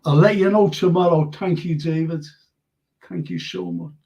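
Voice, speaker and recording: A man's voice: on the high side, sing-song, normal speed, dark tone. An older man from Liverpool with a Scouse accent, hosting a live show in casual, rambling chat with many fillers and restarts. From Liverpool, England. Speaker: radio show host reading listener comments. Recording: dull lo-fi stream audio.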